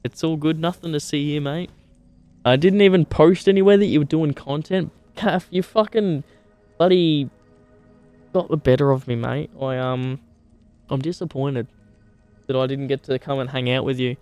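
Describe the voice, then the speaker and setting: A man's voice: on the high side, moderate pace, darkish tone, clear, resonant tone, dry recording, muffled recording, faint music behind. A young Australian man chatting with his livestream viewers outdoors by a campfire. He is laid-back and matey, swears a lot and calls people mate. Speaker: streamer. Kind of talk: casual livestream chat with viewers.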